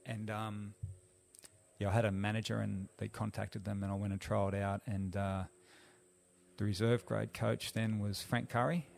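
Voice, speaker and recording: A man's voice: lowish voice, normal speed, creaky. An Australian man, a former rugby league player, telling stories casually and acting out what people said. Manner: animated, acts out quoted dialogue. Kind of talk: casual storytelling.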